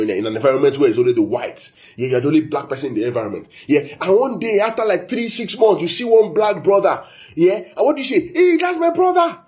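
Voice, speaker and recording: Lively Nigerian-raised preacher, animated pitch. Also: male voice. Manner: lively, asks the audience questions, repeats phrases. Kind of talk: sermon.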